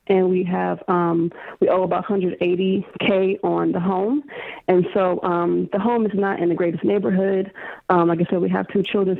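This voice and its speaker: A woman calls in to a radio advice show, laying out her family's situation with frequent hesitations. Her voice carries some vocal fry. It comes through a tinny, phone-like line. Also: medium pitch. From Detroit area. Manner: hesitant, lots of ums. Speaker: caller. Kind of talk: phone-in question.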